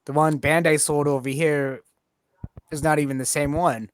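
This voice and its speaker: A man's voice: a little high, steady tone, moderate pace, dry recording. Easygoing male host, dry close sound. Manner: easygoing, fan-style questions. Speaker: podcast host. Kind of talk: casual interview.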